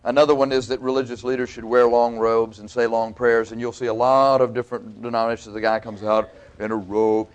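A man's voice: medium pitch, steady tone, fairly quick. Male preacher, folksy conversational sermon delivery. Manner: folksy, conversational Bible teaching with laughs and asides.

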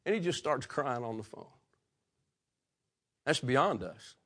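A man preaching a sermon, swinging from loud, passionate peaks to hushed, quiet stretches. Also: mid-range voice, sing-song, slow, husky. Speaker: pastor.

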